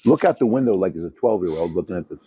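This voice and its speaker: A man with a husky, slightly rough voice tells stories about running a comedy club. His pitch swings widely as he acts out his anecdotes, and he swears casually and breaks into laughter often. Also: lively intonation, very fast, mellow, dry recording. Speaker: former comedy club owner, co-host. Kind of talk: casual storytelling chat.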